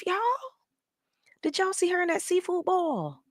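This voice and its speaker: A woman's voice: extremely high pitch, big pitch swings, normal speed, no echo, studio quality. A woman hosting a casual livestream, chatting and greeting viewers by name with teasing humor. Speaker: livestream host. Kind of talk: casual chat.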